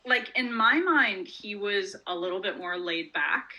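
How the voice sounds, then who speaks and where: A woman's voice: mid-range voice, lively intonation, measured pace, bright, forceful tone, dull audio. A woman author chatting in an interview, casual and talkative, with frequent "like" and "um" and easy laughter. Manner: chatty, lots of "like" and "um", laughs often. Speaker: author guest.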